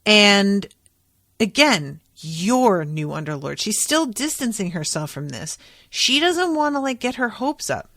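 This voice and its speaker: A woman's voice: fairly high pitch, sing-song, unhurried, sharp tone, dry recording, clean studio sound. A woman hosting a podcast, recapping book chapters in a chatty way, with lots of "like" and "um" and some casual swearing. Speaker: podcast host.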